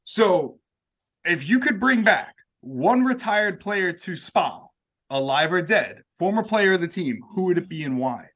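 A man's voice: sits high, expressive, unhurried, a bit bright. A man hosting a casual interview, asking rambling questions full of fillers. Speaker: podcast host.

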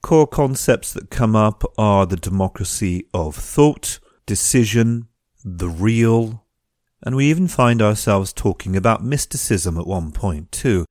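Low-voiced wry male podcast host. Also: darkish tone, dry recording, clean studio sound. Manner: wry, jokey asides. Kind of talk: podcast introduction.

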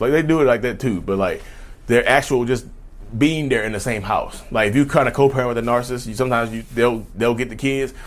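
A man talking casually to camera in a vlog, animated, addressing viewers as "y'all" and slipping into mocking voices. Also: mid-range voice. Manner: loose conversational speech, says "y'all" often. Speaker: YouTube host.

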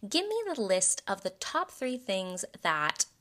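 A woman quoting a sweet blonde Texan voice therapist who asks gentle questions. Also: mid-range voice, huge pitch swings, a little slow, full character voice. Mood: questioning.

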